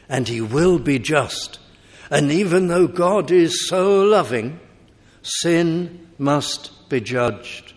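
A man preaching a sermon slowly and emphatically, his voice climbing on appeals and questions. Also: mid-range voice. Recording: long hall reverb.

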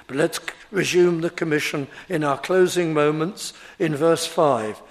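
Slow, emphatic preacher, a man. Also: a little high, creaky. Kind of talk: sermon.

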